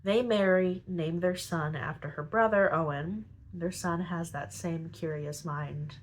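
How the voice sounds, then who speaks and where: A woman's voice: on the low side, rough recording. A woman hosting a podcast, casually summarizing story plots in a chatty way with lots of asides. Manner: chatty, retells plots with filler "like" and quick asides. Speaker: podcast host.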